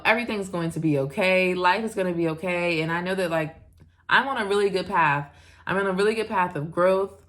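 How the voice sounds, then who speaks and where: A woman's voice: on the low side, fairly bright tone. A young American woman from the United States, narrating a casual travel vlog in a chatty way with frequent fillers and little laughs. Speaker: vlogger.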